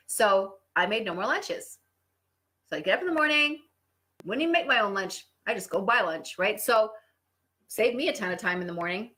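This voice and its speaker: A woman's voice: medium pitch, animated, brisk, pushed and bright. A middle-aged woman hosting a casual relationship advice talk, telling stories with sarcastic asides. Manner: conversational storytelling, sarcastic asides. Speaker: host.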